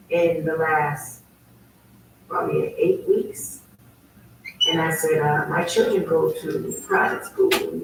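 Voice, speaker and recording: A woman telling a personal story as a guest, emphatic and animated. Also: fairly low pitch. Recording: very echoey, distant, faint ambient noise.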